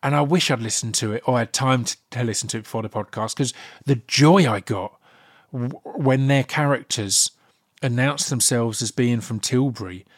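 A man's voice: medium pitch, moderate pace, dry recording. A man from hosts a podcast, chatting in an eager, rambling way. His voice sits in a middle register. The sound is dry and close, with no room around it. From Thurrock, Essex, England. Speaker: podcast host. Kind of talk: casual chat and podcast outro.

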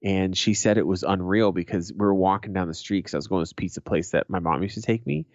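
A man's voice: sits low, fairly even intonation, fast, darkish tone, dry recording. A middle-aged man hosting a podcast, chatting casually as a blunt, profane, joking storyteller. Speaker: podcast host. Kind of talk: casual chat. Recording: dry, dull lo-fi recording.

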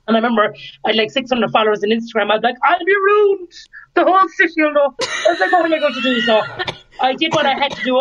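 Here the young Irish guest's fairly high voice comes through with the highs cut off and slight background noise. Telling her story casually on the podcast, she stays lively and performs the dialogue of each character.

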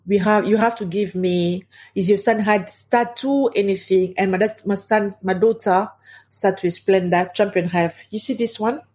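A grieving middle-aged woman giving personal testimony in halting English with non-native grammar. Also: mid-range voice, steady tone, a little mellow. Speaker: bereaved mother.

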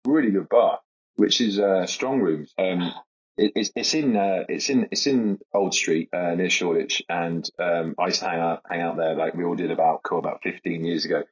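A man's voice: sits low, normal speed. A man in his thirties, a comedian guest, telling casual anecdotes in a hesitant, rambling way and laughing through them. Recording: dull lo-fi podcast audio.

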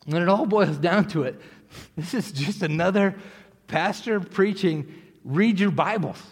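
Husky high-voiced preacher in an echoing hall. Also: male voice, unhurried. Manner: conversational storytelling that swells into fervent near-shouting. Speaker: pastor. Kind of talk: sermon. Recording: long hall reverb.

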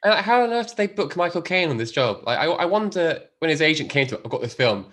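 A man's voice: on the high side, big pitch swings, fast, fairly bright tone. A man hosting a podcast in casual chat, chatty and laughing often. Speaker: podcast host.

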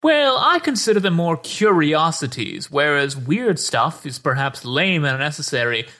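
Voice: medium pitch, big pitch swings, normal speed, sharp tone. A player voicing an eccentric, cheerful male shopkeeper who speaks in formal, genteel sales talk.

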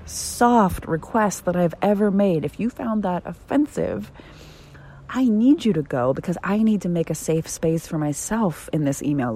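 A woman hosting her own podcast, talking candidly and bluntly, swearing freely and swinging between soft, tender phrasing and emphatic outbursts. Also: deep voice. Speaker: podcast host. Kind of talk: candid solo podcast monologue.

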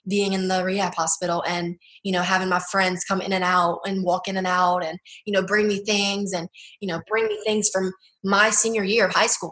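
A woman's voice: on the low side, fairly bright tone. A young woman, a guest in an interview, sharing her story in an earnest, heartfelt way, with lots of "like" and "you know". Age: young adult. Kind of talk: personal testimony interview. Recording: roomy echo.

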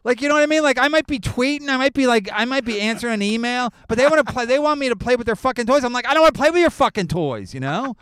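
High-voiced, profane rambling man. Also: fast talker, few pauses, smooth, no echo, clean studio sound. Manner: profane, rambling, animated storytelling. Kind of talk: casual chat.

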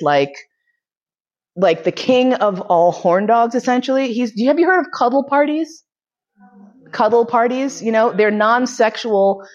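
Candid chatty woman, muffled lo-fi sound. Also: medium pitch. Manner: candid and chatty, many "like"s, bursts of laughter. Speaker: podcast host. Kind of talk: casual confessional storytelling. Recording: slightly muffled lo-fi recording.

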